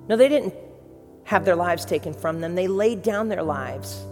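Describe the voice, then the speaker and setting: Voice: medium pitch, expressive, moderate pace, darkish tone. Impassioned preacher, repeating calls to action, long hall reverb, music playing underneath. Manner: impassioned, repetitive exhortation. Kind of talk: sermon.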